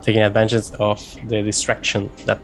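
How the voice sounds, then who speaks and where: A man's voice: lowish voice, monotone, fairly quick, soft background music. A man playing in a tabletop game, describing his moves in a hesitant way and often repeating words. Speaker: player.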